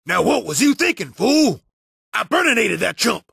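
A man voicing a rowdy tough-guy brawler who shouts taunts in street slang and speaks of himself in the third person. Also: sits high, very animated, normal speed, no echo, heavily acted. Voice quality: gravelly.

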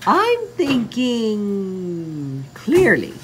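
A woman's voice: huge pitch swings, extremely slow, fairly bright tone, a little hiss or hum. Woman voicing every plush toy character. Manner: jumps between many character voices, high and low. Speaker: plush toy video maker.

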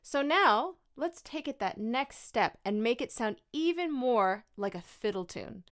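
A woman's voice: a little high, lively intonation. Upbeat woman teaching fiddle, with a Newfoundland accent. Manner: encouraging, patient, explains slowly. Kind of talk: friendly step-by-step music tutorial. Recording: fiddle playing loud in between.

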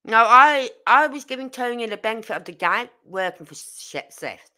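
This true crime host's voice is on the high side, animated and sharp, at a moderate pace. In a casual livestream, she rambles and sounds indignant while reading viewer comments aloud.

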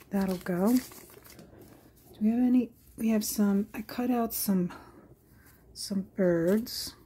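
A woman hosting a casual crafting tutorial, musing aloud at an unhurried pace as she works and sometimes dropping into soft whispers. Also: medium pitch. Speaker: crafting channel host. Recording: faint background noise.

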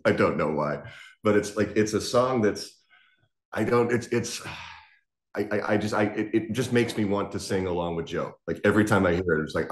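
A man's voice: fairly low pitch, normal speed, echoey room. A man co-hosting a podcast, chatting about music in a rambling, enthusiastic way with many restarts. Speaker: podcast co-host. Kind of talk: casual chat about music.

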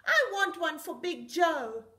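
A woman voicing a determined little female rocket in a children's story, speaking excitedly. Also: takes it slowly, full character voice. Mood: eager. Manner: excited, high and bright.

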